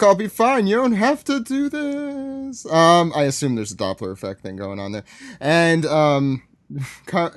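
A man on a podcast casually recapping a comic, joking and filling pauses with ums. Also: fairly high pitch, no echo. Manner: joking, laughs often, many fillers. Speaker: podcast panelist. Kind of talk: casual manga recap chat.

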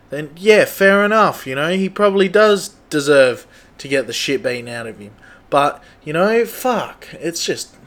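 A man's voice: on the high side, fairly bright tone. Profane rambling young man. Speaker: podcast host. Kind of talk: casual rant.

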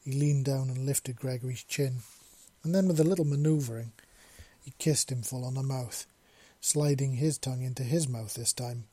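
Man reading a story in a mellow, husky voice. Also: mid-range voice, steady tone, normal speed, no echo. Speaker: narrator.

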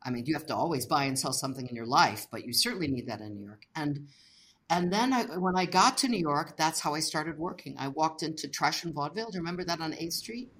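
A middle-aged American woman telling stories as an interview guest, animated and laughing often as she acts out the voices of people she met. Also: deep voice, fast, husky. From United States. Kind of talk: casual storytelling.

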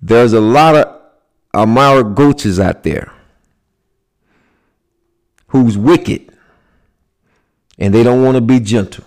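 American guy lecturing real slow, deliberate, keeps asking okay?. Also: medium pitch, a little mellow. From United States. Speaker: speaker. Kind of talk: lecture on symbolism.

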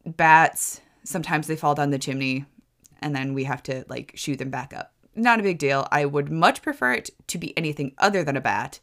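A woman with a low-pitched voice tells a story on her own podcast. Her delivery is rambling and a little chaotic, with stumbles and restarts, and she leaps up in pitch whenever she acts out what she said. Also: moderate pace, a bit bright. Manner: swoops high for quoted exclamations. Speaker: podcast host. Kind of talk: casual storytelling.

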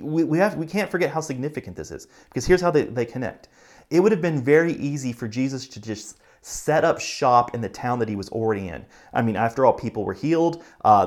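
A pastor with a medium-pitched voice preaches in an earnest, conversational way. He speeds up and slows down to add emphasis.

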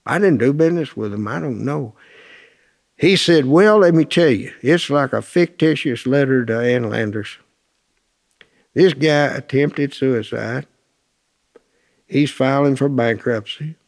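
Gravelly folksy male storyteller. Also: mid-range voice, a little slow. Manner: plainspoken, colloquial anecdotes with quoted dialogue.

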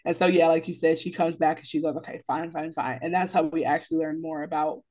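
A woman co-hosting a casual podcast recap of a TV episode, animated and profane, acting out what the characters say. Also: low-pitched, fast talker. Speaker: podcast co-host.

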